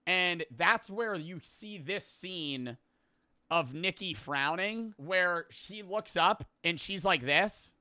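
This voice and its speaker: Bright, crisp young man recapping a movie. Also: sits high, lively intonation, takes it slowly, no echo, studio quality. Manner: rambling, profane, laughs at the story. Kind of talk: casual movie plot recap.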